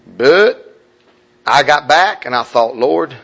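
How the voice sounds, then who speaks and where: Husky preacher man, hushed to loud. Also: medium pitch, lively intonation, moderate pace. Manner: impassioned, swings from hushed to loud. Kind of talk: sermon. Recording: dull lo-fi recording.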